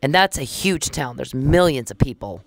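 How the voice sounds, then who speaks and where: A woman's voice: very deep voice, expressive, moderate pace, vocal fry, dry recording. Indignant woman podcaster, dry and close. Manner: chatty, indignant, retells conversations with quoted dialogue. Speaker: podcast host. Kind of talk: casual monologue recounting events.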